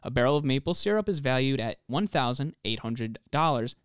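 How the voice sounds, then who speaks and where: A man co-hosting a casual podcast, reading prepared facts in an even, steady way and swearing now and then. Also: medium pitch, brisk, smooth, dry recording, studio quality. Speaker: podcast co-host presenting the story. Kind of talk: casual podcast chat, reading researched notes.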